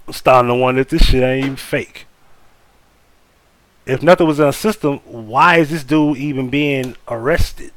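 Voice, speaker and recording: A man's voice: medium pitch, moderate pace, fairly bright tone, no room sound. A man hosting a live stream, giving blunt, profane, casual commentary and talking straight to his chat. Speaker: livestream host.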